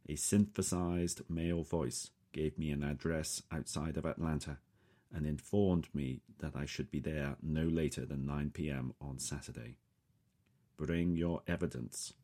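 A man reading a first-person story in a calm, measured way. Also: rumbling low. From England. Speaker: audiobook narrator. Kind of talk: scripted first-person narration.

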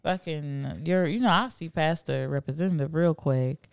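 An adult co-host in a casual podcast chat, teasing and quick to laugh. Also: medium pitch, creaky, clean tone, dry recording, clean studio sound.

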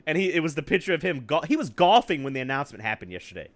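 A man's voice: a little high, rapid-fire. A man co-hosting a podcast, chatting casually with lots of swearing and laughter. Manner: profane, laughing, animated storytelling. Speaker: podcast co-host. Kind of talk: casual chat.

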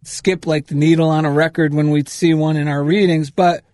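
A man co-hosting a spiritual radio talk show, telling stories in an animated, upbeat and earnest way. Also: a little high, moderate pace, no room sound. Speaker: radio co-host. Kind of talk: casual spiritual radio chat. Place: radio studio.

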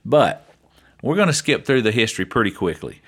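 A man's voice: fairly low pitch, sing-song, brisk, fairly bright tone. A man co-hosting a casual podcast, chatty and leading the talk, often calling his co-host by name. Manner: chatty, keeps saying his co-host's name.

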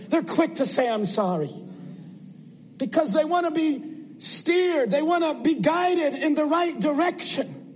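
A man's voice: extremely high pitch, darkish tone, highs cut off, slight background noise. A man preaching a sermon in an earnest, conversational way, asking his listeners rhetorical questions.

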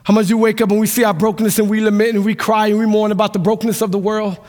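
A male pastor preaching a sermon with passion, dropping to a hush and rising to shouts, sometimes half-singing his lines. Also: high-pitched, level tone, rapid-fire. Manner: impassioned preaching, swings from hushed to shouting, half-sung lines. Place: church sanctuary. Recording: long hall reverb.

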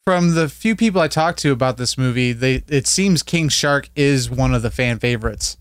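A man's voice: medium pitch, moderate pace, smooth, dry recording, studio quality. A man wrapping up a casual podcast, stammering a little as he starts his sentences and laughing often. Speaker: podcast host. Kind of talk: casual chat.

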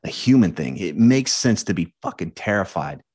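A man speaking as a coach and podcast guest, frank and animated, swearing freely in candid conversation. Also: low-pitched, normal speed, slightly rough.

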